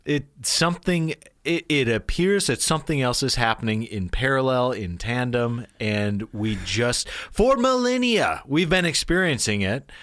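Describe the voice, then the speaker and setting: A man hosting a podcast in casual chat, upbeat and quick to laugh. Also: mid-range voice, animated, fairly bright tone, no room sound, clean studio sound. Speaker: podcast co-host.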